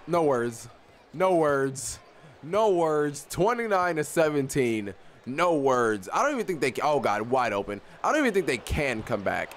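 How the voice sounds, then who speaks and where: Excitable young man narrating his game. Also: medium pitch, normal speed, slight background noise. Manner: excitable, talks to players on screen, repeats himself. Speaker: gaming YouTuber. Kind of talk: live gameplay commentary.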